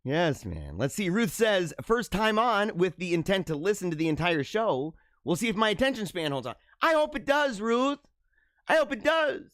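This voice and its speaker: A man hosting a live online show, talking in a high-ish, bouncy voice that swings up and down. He chats loosely and laughs a lot, calling people dude and man. The sound is close and dry, with no room behind it. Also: normal speed, dry recording. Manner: animated, laughing, slangy ("dude", "bro", "man"). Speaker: livestream show host. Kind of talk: casual live-show chat reading viewer comments.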